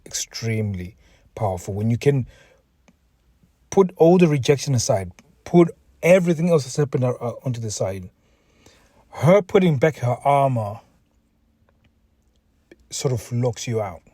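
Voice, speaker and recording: A man's voice: medium pitch, expressive, unhurried, pauses often, warm tone, no echo. A man hosting a solo podcast and talking earnestly. He sounds emotionally drained and often repeats words and restarts sentences. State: mentally exhausted, emotional. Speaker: podcast host, relationship coach.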